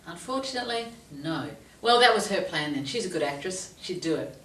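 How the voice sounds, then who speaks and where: A woman working as a life coach, telling a story to camera in a lively, expressive way. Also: lowish voice, fairly quick. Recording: roomy echo, voice from a distance.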